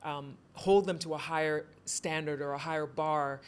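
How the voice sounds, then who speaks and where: A woman born in Ghana hosting an interview, talking in an animated, storytelling way. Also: low-pitched, normal speed, smooth. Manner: animated, storytelling, rising emphasis. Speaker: host. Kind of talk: casual interview chat.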